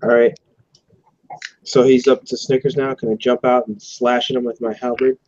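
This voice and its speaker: A man playing a tabletop game, talking casually and quickly with his group. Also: medium pitch, flat delivery, darkish tone, no room sound, dull audio. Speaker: player.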